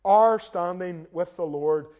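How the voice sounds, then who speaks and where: High-voiced young minister. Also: male voice, takes it slowly, a little mellow. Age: young adult. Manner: earnest, direct, self-deprecating, often addresses listeners as "guys". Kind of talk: sermon.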